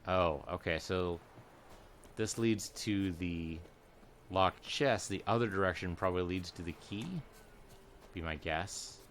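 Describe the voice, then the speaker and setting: Male let's-player, lowish voice, meandering casual commentary, faint game noise under. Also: slow pace, long pauses, a bit bright. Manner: rambling, musing aloud while playing. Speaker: let's play gamer.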